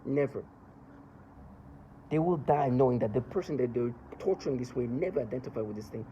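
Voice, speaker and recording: A man's voice: medium pitch, lively intonation, fairly quick, mellow, highs cut off, a little hiss or hum. A man in an agitated, accusatory, emotional rant, speaking as a monologue. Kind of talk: angry ranting monologue.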